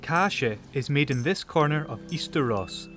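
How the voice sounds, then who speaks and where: A man's voice: on the high side, expressive, normal speed. Pun-loving man, music behind. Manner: punning, jokey, upbeat. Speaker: TV presenter teaching Gaelic. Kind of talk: playful presenting to camera.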